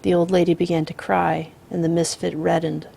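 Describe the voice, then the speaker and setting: A woman narrating a literary short story in a measured, steady storytelling voice. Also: fairly low pitch, gravelly.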